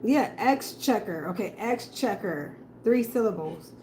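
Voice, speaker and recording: A woman in a casual reaction video, slowly repeating a hard word and laughing at herself. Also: medium pitch, lively intonation, darkish tone, a little hiss or hum, poor audio. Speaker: tarot reader and video creator.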